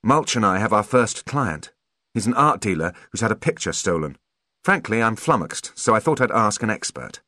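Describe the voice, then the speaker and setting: A sharp-tongued young fairy officer, brisk and teasing, impatient to get to the point, put on by a male audiobook narrator. Her voice sits lifted and lively, swinging widely in pitch. It is close and dry, with no room around it. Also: no echo, heavily acted. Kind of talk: audiobook character voice.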